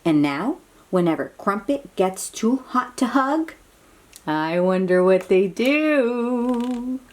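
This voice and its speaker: A woman reads a storybook aloud for small children, taking her time over each line. Her voice swoops up and down with lively, exclamatory expression, and she keeps breaking off to chat warmly with her young listeners. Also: fairly high pitch, slow. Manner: animated, exclamatory, chatty asides to young listeners. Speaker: children's book reader.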